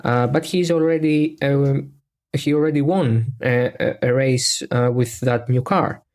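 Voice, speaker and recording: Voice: mid-range voice, a little slow, a little mellow. A speaker in their twenties hosting a casual podcast interview, hesitant and often repeating words while thinking. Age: 20s. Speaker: podcast host.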